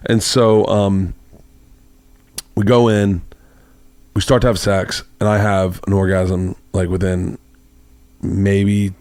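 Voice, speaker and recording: A podcast host in a home studio room tells a long, rambling anecdote in casual conversation, acting out quotes in a raised voice. His voice is low and darkish with little pitch movement, slow and full of pauses, and the recording is dry.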